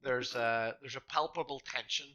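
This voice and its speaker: A man's voice: mid-range voice, moderate pace, pushed and bright, muffled recording. A man narrating as game master in a tabletop game, rambling and full of fillers.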